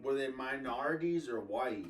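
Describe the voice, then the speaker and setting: A man hosting a casual chat, asking curious, halting questions. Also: medium pitch, animated. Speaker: host.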